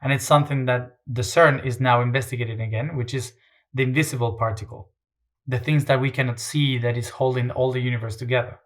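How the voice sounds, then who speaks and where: A man's voice: medium pitch, steady tone, brisk. Hesitant man musing as a guest. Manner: hesitant, many fillers and restarts. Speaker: interview guest. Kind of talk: reflective interview talk.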